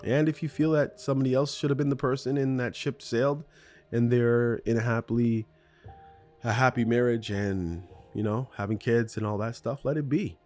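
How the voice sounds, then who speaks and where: A man's voice: medium pitch, fairly even intonation, normal speed, darkish tone, soft background music. A man hosting a solo podcast, talking in a rambling, conversational and self-deprecating way in his morning voice. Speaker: podcast host.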